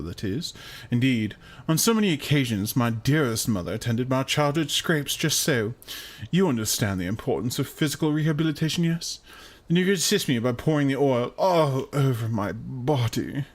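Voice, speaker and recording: A man reading out a vain, flowery gentleman adventurer from a game in a grandiose, drawn-out voice. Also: medium pitch, natural voice. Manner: grandiose, drawn-out, swooning delivery. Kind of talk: reading game dialogue aloud in a voice.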